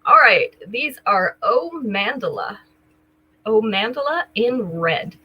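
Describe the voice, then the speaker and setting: A woman's voice: on the high side, lively intonation, slow, slightly rough, lo-fi sound. An older woman hosting a live jewelry sale, chatting casually with viewers, greeting them by name and describing each item. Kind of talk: casual live-stream selling chat.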